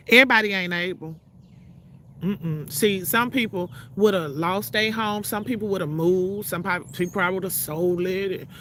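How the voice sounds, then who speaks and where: A woman from Mississippi films a call-out vlog outside her trailer, ranting to viewers with brash, profane confrontation. Her voice is mid-range, pushed and bright, and there's slight background noise.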